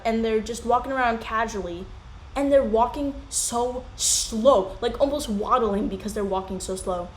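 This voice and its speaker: A young woman in casual commentary chat, rambling and animated as she drifts from one tangent to the next. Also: fairly high pitch. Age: young adult. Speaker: commentary YouTuber. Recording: echoey room with faint hiss.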